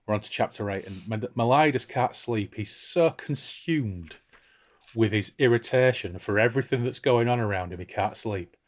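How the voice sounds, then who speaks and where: Here a man with a fairly low voice, speaking at a moderate pace, co-hosts a podcast about a novel. He gives expressive readings of passages, lifting his voice for characters' lines, then discusses them in a relaxed way.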